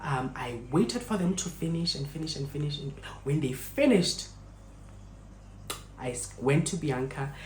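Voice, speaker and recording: A South African woman vlogger telling a story while she cooks in her home kitchen. She is an expressive storyteller who mixes in local phrases and talks directly to her viewers. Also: sits low, a little slow, roomy sound, a little hiss or hum, low-quality recording.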